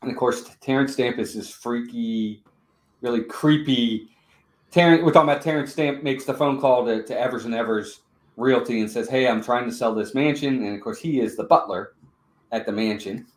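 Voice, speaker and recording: A man's voice: mid-range voice, normal speed, echoey room. A man co-hosting a live-streamed movie review, chatting and greeting viewers in the chat. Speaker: podcast co-host.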